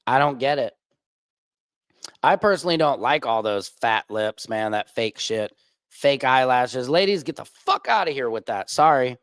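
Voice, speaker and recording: A man hosting a livestream and talking in a crude, rambling, profane way, with big swings in pitch. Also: animated, normal speed, a bit bright, dry recording, studio quality. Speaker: streamer host. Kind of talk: casual livestream monologue.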